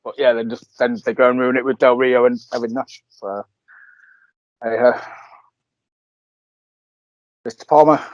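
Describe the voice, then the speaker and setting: A man talks in a loose, rambling way, stopping to laugh as he retells scenes. His voice sits at an ordinary pitch. It comes through a dry, slightly dull call line. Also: steady tone, measured pace, pauses often, no echo. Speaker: podcast co-host. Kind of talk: casual chat.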